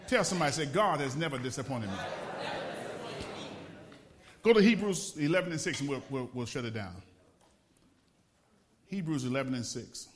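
A pastor from the Los Angeles area, with a mid-range voice, preaches a sermon. He tells a story, laughs, and repeats phrases for emphasis.

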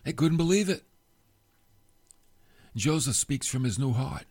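A man preaching a sermon, retelling a story with expressive, emotional delivery that drops soft at moving points. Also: medium pitch, unhurried, pauses often, slightly rough, no room sound. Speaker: pastor.

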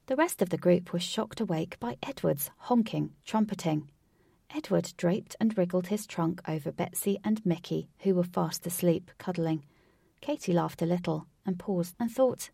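A woman narrating a storybook aloud in a steady, measured reading, recorded from a distance from the microphone. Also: on the low side, creaky, breathy edge, no echo. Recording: distant from the mic, dry.

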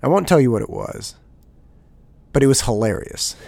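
A man in his thirties talks through a casual podcast monologue, his pitch swinging up and down as the story builds. His voice has a gravelly edge, and he often restarts his sentences. The close mic leaves the sound dry, with no room around it. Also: normal speed, no room sound. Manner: animated storytelling with many restarts. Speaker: podcast host.

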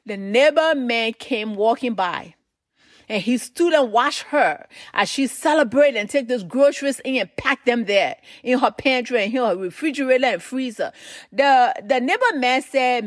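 A woman's voice: high-pitched, moderate pace, no echo, studio quality. A woman, preaching a sermon, telling a story with emphatic repetition.

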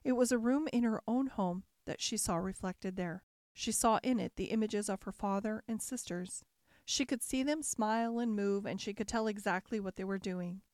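A woman reads a classic fairy tale aloud in a calm, measured manner. Her voice sits in a middle range, and the recording is dry and close, with no room echo. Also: mid-range voice. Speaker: narrator. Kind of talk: storybook narration.

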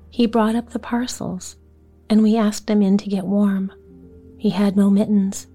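A woman voicing an eager, excitable little girl in a storybook reading. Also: medium pitch, close to an everyday voice.

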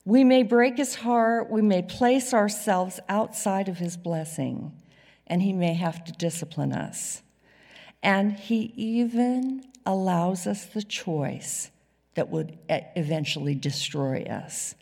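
A woman preaching a sermon to a church congregation, swinging from loud emphasis to hushed whispers. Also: medium pitch, expressive, takes it slowly. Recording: reverberant hall sound.

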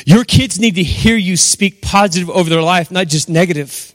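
A middle-aged man delivers a sermon as a pastor in a church hall, his voice high-pitched and a bit bright at a moderate pace. He is emphatic and repetitive, leaning on rhetorical questions, and the recording carries a long hall reverb.

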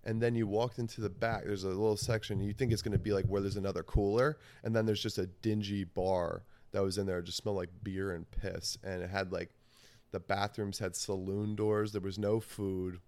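A man's voice: on the low side, little pitch movement, brisk, darkish tone, dry recording. A man hosting a podcast, telling a rambling, profane story in casual talk and laughing often. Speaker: podcast host.

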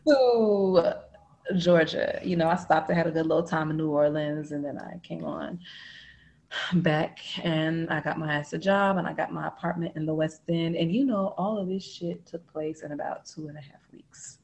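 A woman spins a long personal story in casual chat, jumping up into loud, lively quotes of everyone involved. She swears freely and keeps the tale moving. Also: deep voice, normal speed. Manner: animated, quotes people in raised voices, swears freely. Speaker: storyteller guest.

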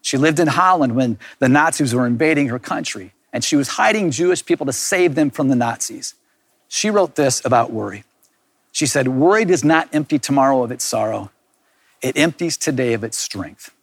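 A man's voice: medium pitch, animated, normal speed, no echo. A middle-aged man giving an earnest, reflective sermon as a pastor, repeating key words for emphasis. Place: recorded for online viewers.

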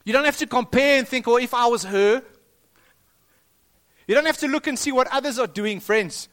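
A man's voice: very high-pitched, normal speed, fairly bright tone. A South African man preaching a sermon to his church in a school hall, emphatic and repetitive. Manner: emphatic, rising and dropping for stress, repeats phrases. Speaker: pastor.

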